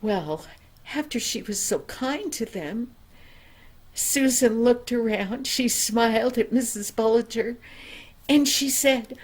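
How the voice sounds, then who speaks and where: A grandmotherly storyteller reading a children's tale aloud, gentle and unhurried. Her voice sits a little high for a woman, and she takes her time over every phrase. On quiet moments she drops to a near whisper. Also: expressive, husky. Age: older.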